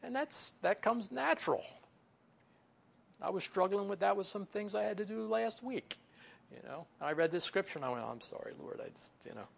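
A man's voice: high voice, lively intonation, normal speed, creaky. A man preaching a sermon in a conversational way, with many asides and muttered inner voices that he acts out. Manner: conversational, with frequent "you know" asides. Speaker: pastor.

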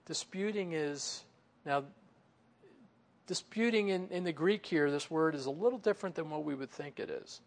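A pastor with a slightly high voice preaches at a normal pace in a chatty style. His sermon is full of "you know" asides, and he mutters and acts out inner voices along the way.

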